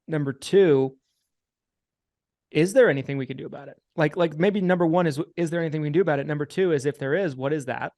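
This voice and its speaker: A man hosting a casual podcast, talking in a measured way, repeating himself and laying out points one by one. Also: a little high, a little mellow, dry recording, clean studio sound. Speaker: podcast host and insurance agent.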